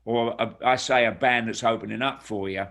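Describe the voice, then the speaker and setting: A man's voice: medium pitch, fairly even intonation, fairly quick, a bit bright. An older man, a touring rock drummer, chatting casually and rambling on a video call with many restarts. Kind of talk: casual chat.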